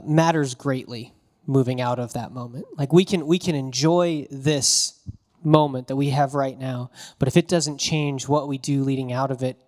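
A pastor preaching a conversational sermon, telling the story casually and animatedly with bits of slang. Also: male voice, medium pitch, a little mellow.

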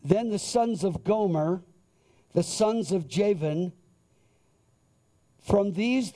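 Slow, high-voiced male preacher. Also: warm tone. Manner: slow, deliberate scripture reading. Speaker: pastor. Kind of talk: sermon.

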